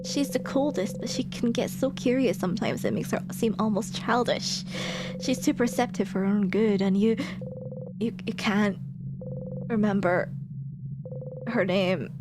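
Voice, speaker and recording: A woman's voice: medium pitch, moderate pace, background noise. A woman streamer reading game text aloud and reacting expressively, exclaiming and laughing between passages.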